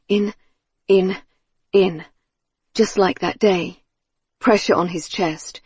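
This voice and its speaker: A woman reading an audiobook thriller in a measured, tense storytelling manner on a close studio mic. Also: mid-range voice, a little mellow, husky, no room sound. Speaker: audiobook narrator. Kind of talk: scripted audiobook narration.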